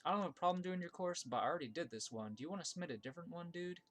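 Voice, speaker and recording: While racing through viewer-made game levels on a live stream, a man offers casual commentary, thinking aloud with fillers and restarts. He yelps in bursts of high excitement whenever something surprises him.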